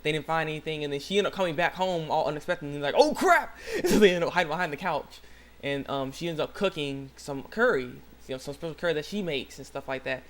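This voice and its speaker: A young man with a somewhat high voice hosts his own channel with a casual recap. He rambles excitedly, stacking fillers and starting sentences over. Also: quick pace. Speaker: channel host. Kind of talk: casual anime episode recap.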